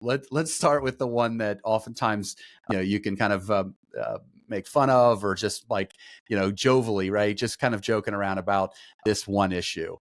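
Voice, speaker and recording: A man's voice: on the low side, normal speed, no echo. A man in his forties hosting a podcast, chatty and self-deprecating, asking long rambling questions. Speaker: podcast host. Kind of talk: casual podcast interview.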